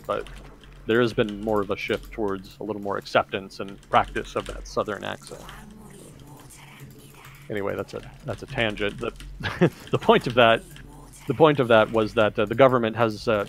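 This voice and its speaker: A man talks through his ideas on a podcast, slightly low in pitch and with a noticeably gravelly, fry-laden voice. He rambles as he explains, leaning on "kind of" and "you know" while he builds his point. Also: fairly bright tone, slight background noise. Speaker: podcast host. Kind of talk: casual talk-show discussion.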